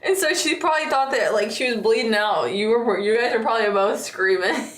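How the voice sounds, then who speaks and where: A giggly woman streamer chats casually on a livestream, teasing and breaking into laughter often. Her voice sits a little high. The sound has a roomy echo around it. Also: lively intonation, normal speed. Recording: echoey room.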